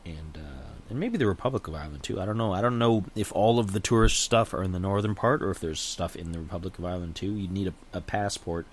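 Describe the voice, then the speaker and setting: Man, deep voice, casual solo chat, rambling, hedging, self-correcting. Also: fast, hardly any pauses, slight background noise. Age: adult with a young daughter. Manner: rambling, unsure, often hedges and restarts. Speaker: channel host.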